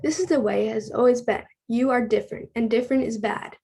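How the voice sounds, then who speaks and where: A woman's voice: on the high side, fast talker, gravelly, warm tone, breathy edge. A woman voicing a pompous, bossy male stink bug who makes the rules, read aloud from a storybook. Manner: haughty, rule-giving. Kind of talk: storybook reading.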